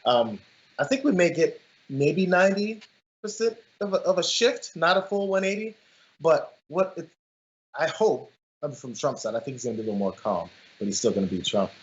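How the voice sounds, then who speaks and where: A man's voice: fairly high pitch, expressive, moderate pace. A man co-hosting a political commentary show, talking emphatically and often restarting his phrases. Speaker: co-host. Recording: dull lo-fi sound.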